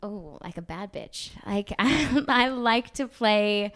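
A young woman from Australia, a guest actress chatting casually in an interview, laughing often and filling pauses with "like" and "um". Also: medium pitch, expressive, a bit bright.

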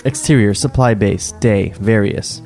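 A man reads a script's stage directions aloud in a relaxed way for a podcast table read. He breaks into chuckles here and there. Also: on the low side, measured pace, soft background music. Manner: laid-back, chuckling. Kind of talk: table read narration and banter.

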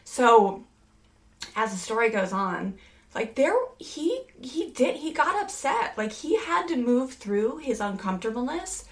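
This woman in her thirties, who speaks on parenting, chats earnestly on a casual podcast at a measured pace. Her slightly high voice is very animated, and she rambles with lots of fillers and restarts.

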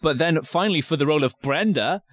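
A man's voice: a little high, fast talker. Man chatting casually about old films. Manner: rambling, joking, puts on silly voices. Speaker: podcast host. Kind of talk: casual film podcast chat.

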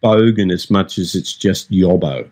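A man's voice: sits low, a little slow, darkish tone. A man co-hosting a podcast in casual chat, making dry teasing quips. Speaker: podcast co-host.

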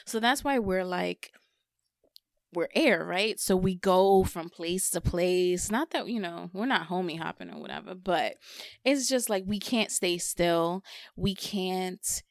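A woman's voice: lowish voice, expressive, measured pace, no room sound, studio quality. A young woman on a podcast, chatting candidly and confessionally and repeating words for emphasis. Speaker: podcast co-host or guest. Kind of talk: casual podcast chat.

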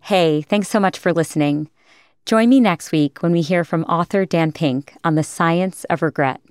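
A woman hosting a podcast, reading scripted narration in a measured, clear way. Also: lowish voice, no room sound, clean studio sound, faint music behind. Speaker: podcast host.

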